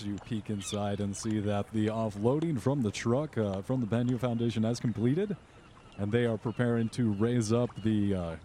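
A young man narrating as game master, relaxed and halting, with many fillers. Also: fairly low pitch, a little hiss or hum.

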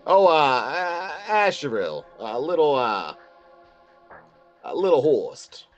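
A man voicing a courtly, suave gentleman with a put-on American Southern accent, playing a tabletop game. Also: fairly high pitch, big pitch swings, slow, highs cut off, soft background music, voice pushed up. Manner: courtly, formal.

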